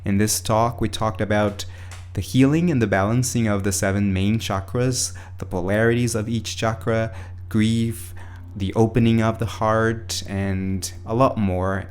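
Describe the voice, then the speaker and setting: A man's voice: lowish voice, fairly even intonation, a little slow. Male podcast host in an echoey room. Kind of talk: podcast intro and casual interview.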